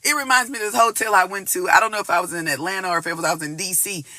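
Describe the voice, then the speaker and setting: A man with a high, very bright voice gives a casual tarot reading to his viewers. He talks in an animated rush, swears often and circles back over his own words. The sound is close and dry. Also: very fast, dry recording. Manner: animated, cursing, repeats words and phrases. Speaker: tarot reader.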